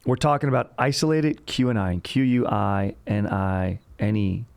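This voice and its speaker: Slangy bro-talking man, fairly low voice. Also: lively intonation, measured pace, gravelly, a little mellow. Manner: slangy bro talk, says "dude" constantly; rambling, jokey asides. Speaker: podcast host. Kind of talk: casual comedic history chat.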